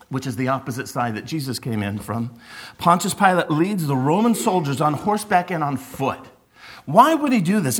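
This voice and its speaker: A middle-aged man preaching in a conversational, animated way, often restarting his phrases as he tells stories. His voice sits a touch higher than most men's. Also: slightly rough. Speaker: pastor. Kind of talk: sermon.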